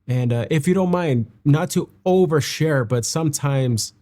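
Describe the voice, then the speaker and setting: A man hosting a music reaction, talking in a reflective, halting and heartfelt way, emotional and near tears. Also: fairly high pitch, dark tone. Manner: halting and heartfelt, with many restarts. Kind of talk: reflective casual reaction commentary.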